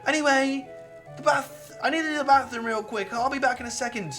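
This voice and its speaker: A woman voicing a cheerful young schoolgirl from a visual novel, in a bright, bubbly, sing-song way. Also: high-pitched, a little fast, soft background music, voice pushed up. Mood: chirpy.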